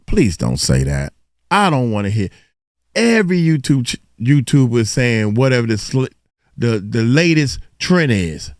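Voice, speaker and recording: An animated man gives casual reaction commentary, his pitch swinging widely as he lectures in a loose, colloquial style. The recording is dry and close, with no room sound. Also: measured pace, no room sound. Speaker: host reacting to a video.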